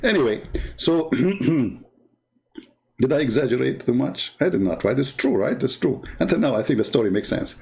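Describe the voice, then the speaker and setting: A male host from the Arab world, a native Arabic speaker with an accent, tells a mocking story in a rambling, sarcastic way packed with fillers. A Christian apologist, he has a mid-range, creaky, darkish voice with big pitch swings and talks at normal speed.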